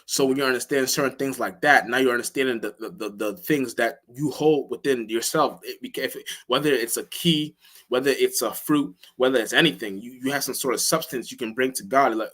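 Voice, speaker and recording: Profane rambling man on a livestream. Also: brisk. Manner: rambling, profane, with many restarts and fillers; jumps to a much higher, louder voice when acting out what he or others would say. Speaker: livestream host. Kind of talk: casual livestream monologue.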